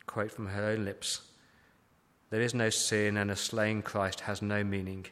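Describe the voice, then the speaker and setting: A man's voice: on the low side, level tone, a little slow, fairly bright tone. Man preaching a sermon in a reverberant hall. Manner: emphatic preaching with repeated rhetorical questions. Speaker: pastor.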